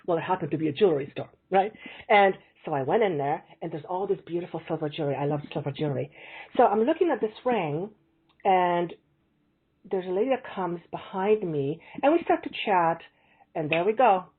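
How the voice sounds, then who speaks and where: A woman guest tells her stories in a chatty, animated way, slipping into the voices of the people she describes. Her voice is a little husky. The sound comes through a narrow, phone-like call line. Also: lowish voice, a little fast. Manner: chatty, animated anecdotes with acted-out quotes. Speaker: psychic medium guest. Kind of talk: casual interview storytelling. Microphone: remote call line. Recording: tinny call audio.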